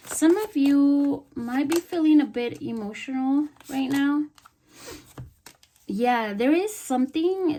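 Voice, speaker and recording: A woman reading tarot cards in a relaxed, casual way. Her voice is a little high and gravelly with fry, and she halts often, repeats words and fills pauses. The recording is noisy, with card shuffling behind her. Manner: soft-spoken, halting, with many fillers and repeats. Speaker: tarot reader.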